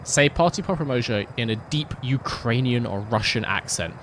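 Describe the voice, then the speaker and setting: A young man streams a racing game from his home setup through a headset mic, chatting casually in a rambling, self-deprecating way with giggly asides. His mid-range voice has lively intonation, a moderate pace and a bit of brightness, with a little hiss or hum.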